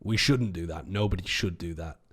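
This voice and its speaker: A man in his thirties, a streamer riffing through deadpan, rambling tangents while reading chat. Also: deep voice, a little fast. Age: 30s.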